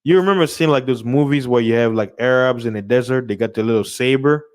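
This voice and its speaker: Young male livestream host, loose rambling news commentary, mid-pitched voice, chuckles between points. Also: fast talker, smooth. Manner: rambling, laughs often, repeats words. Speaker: channel host reading news.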